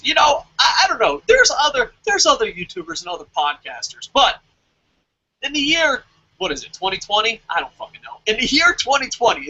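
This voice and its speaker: A man's voice: high-pitched, pushed and bright, highs cut off. A man ranting with heavy profanity and exasperation on a casual wrestling podcast. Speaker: podcast co-host.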